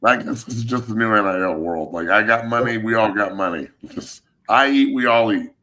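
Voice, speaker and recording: A man hosting a casual sports talk show, hoarse and blunt, swearing and joking. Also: lowish voice, fairly quick, bright, forceful tone.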